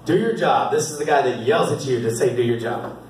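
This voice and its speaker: A man's voice: mid-range voice, lively intonation, fairly quick, far from the mic, a little hiss or hum. A man coaching a youth football team, giving an upbeat, encouraging award speech at a banquet and laughing often. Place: indoor banquet hall. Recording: echoey hall, voice off-mic.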